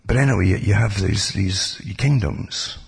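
A man's voice: fairly low pitch, normal speed, vocal fry, slightly rough. A man giving a rambling, casual talk about history, full of digressions and asides. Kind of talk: casual spoken history monologue.

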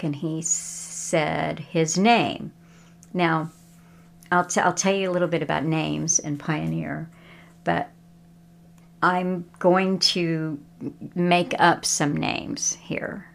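A woman's voice: low voice, steady tone, slow pace, creaky. A woman telling a personal story in a casual, conversational way, with chuckling asides. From Texas.

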